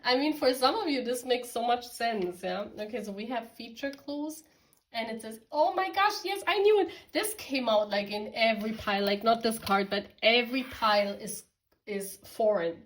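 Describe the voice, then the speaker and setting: A woman's voice: fairly high pitch, normal speed, rough recording. Chatty giggly woman from Germany. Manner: chatty, giggly, talks straight to viewers. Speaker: tarot reader. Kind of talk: casual pick-a-card tarot reading.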